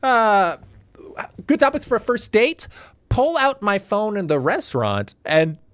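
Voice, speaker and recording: A male game show host with a lively, swooping delivery who reads out each answer with a chuckle. His voice is dry and close, with no room around it. He keeps the tone playful throughout. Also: sits high, a little slow, smooth, no room sound. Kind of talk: hosting a livestreamed comedy game show.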